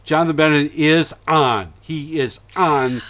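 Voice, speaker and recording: A man hosts a casual podcast chat, animatedly recapping events and acting out quotes in different voices. He speaks unhurriedly with a voice on the high side.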